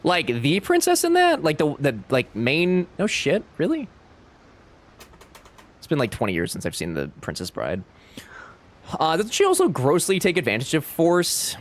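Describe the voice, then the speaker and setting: Animated, swearing streamer man. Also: fairly high pitch, moderate pace. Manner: animated, chatty, swearing, reads chat aloud. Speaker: game streamer. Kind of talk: casual live-stream chat.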